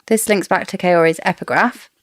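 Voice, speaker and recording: A woman's voice: fairly low pitch, normal speed, dry recording, studio quality. A woman co-hosting a casual book discussion podcast, chatty and theorizing with frequent laughs. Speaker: podcast co-host.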